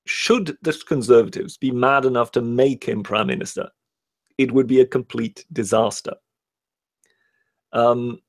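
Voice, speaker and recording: Man, England-born, raised in Europe; live-stream co-host, firm and measured, some stammers. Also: mid-range voice. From born in England, grew up in continental Europe. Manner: measured, emphatic, with stammered restarts. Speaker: co-host, political commentator. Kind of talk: live-stream political chat.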